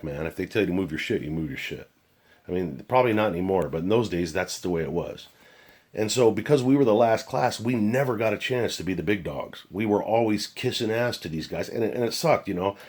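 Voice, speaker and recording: A man's voice: lowish voice, a little mellow. An older man telling a war story from his police days in a blunt, profane, casual way. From United States. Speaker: retired police officer telling stories.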